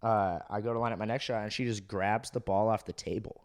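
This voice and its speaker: A man's voice: on the low side, fairly even intonation, fairly quick, clean tone. A young man casually telling a bar story to a friend, laid-back and profane. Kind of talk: casual chat.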